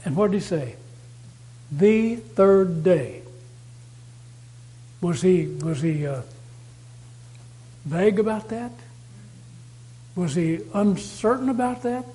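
A man's voice: sits high, unhurried, long pauses, mellow, poor audio. A man preaching a sermon, emphatic, repeating key phrases to drive them home.

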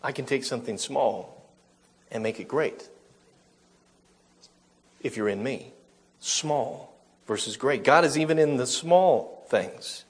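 A man's voice: mid-range voice, slow, long pauses, breathy edge. A man preaching a sermon, reading scripture aloud and explaining it, correcting himself now and then.

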